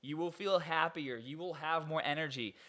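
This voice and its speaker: A young man hosting a podcast, talking in an animated, incredulous way and laughing often. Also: a little high, moderate pace. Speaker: podcast host. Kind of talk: casual podcast chat.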